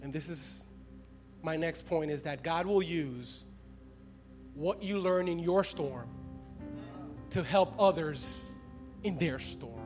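A man's voice: on the high side, slow pace, long pauses, a little mellow. A man in his thirties preaching a sermon as a pastor, conversational and laughing often as he speaks to the congregation. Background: music.

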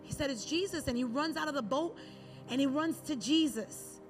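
A woman with a bright, high voice delivers a sermon as a relaxed, chatty story. A faint bed of music runs quietly underneath. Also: normal speed. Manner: conversational storytelling with acted Bible quotes. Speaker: preacher.

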